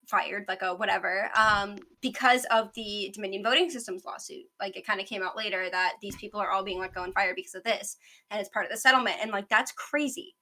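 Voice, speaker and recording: Young woman host, quick rambling news chat, bright tone. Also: medium pitch. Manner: fast, rambling, self-aware talker. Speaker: podcast host.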